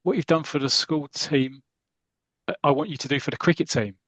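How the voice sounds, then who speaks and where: A man reading aloud the lines of a brisk male school sports master from a comic. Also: a little high, steady tone, a bit bright, no room sound, lo-fi sound. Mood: encouraging. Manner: read aloud from a comic strip.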